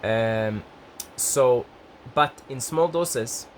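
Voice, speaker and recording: A young adult man talking casually to the camera as a vlogger, rambling with restarts and jumping up in pitch when he gets excited. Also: extremely slow, slight background noise. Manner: rambling, self-interrupting, lively pitch jumps when excited.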